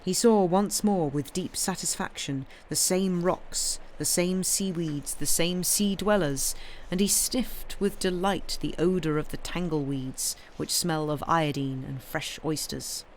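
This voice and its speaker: A woman reading a novel aloud on a livestream in a steady, measured storytelling way. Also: lowish voice, a little hiss or hum. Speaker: reader.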